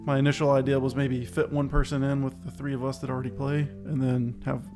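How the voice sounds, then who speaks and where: His voice is medium-pitched and level in tone, and his pace is brisk. Co-hosting a laid-back online chat show with music underneath, he rambles cheerfully and self-consciously, slightly short of breath.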